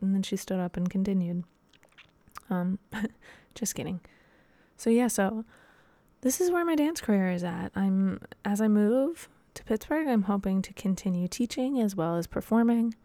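A woman's voice: medium pitch, moderate pace, dark tone, no room sound. A young woman hosting a casual solo podcast, talking in a rambling, chatty way with lots of fillers. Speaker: podcast host and dance teacher.

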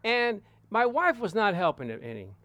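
A man preaching to a congregation, telling a lively anecdote and acting out the voices of the people in it. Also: sits high, moderate pace, dry recording, highs cut off. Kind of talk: storytelling sermon to a congregation.

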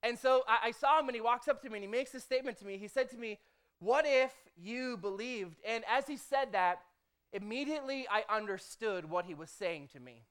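A pastor who used to be a motivational speaker preaches in a relaxed, chatty style, with a clear, smooth voice at a middle pitch and a quick pace. He tells a lively personal story, acting out the prayers he said to God, and keeps checking in with the crowd by asking "okay?" and "right?"

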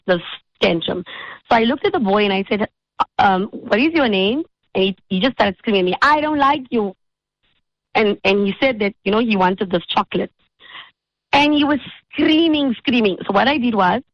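A woman hosts a radio talk show and tells her story in a lively, animated way, acting out the quotes as she goes. Her voice sits at an ordinary middle pitch. The sound is dry and a little dull, like a radio studio mic. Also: no room sound. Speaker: radio host.

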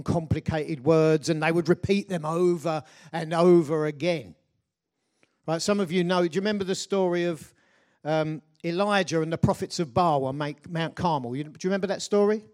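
A man with a somewhat high voice delivers a sermon in an easy, conversational way. He retells a scripture story and often turns to ask his listeners questions. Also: a little mellow. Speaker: preacher.

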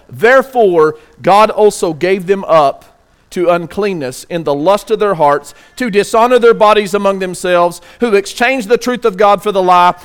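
Man, high voice, preaching a sermon, rhetorical questions, reads scripture slowly. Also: smooth. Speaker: pastor.

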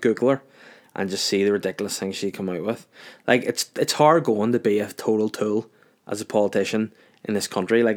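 A man's voice: on the low side, darkish tone. A young man hosting a solo podcast, rambling and swearing casually, a bit tipsy after a few wines. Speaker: podcast host.

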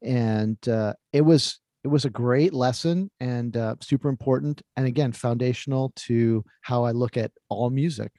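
A man co-hosting a podcast, telling a story in relaxed casual chat. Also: medium pitch, moderate pace, few pauses, no echo, studio quality. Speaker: co-host.

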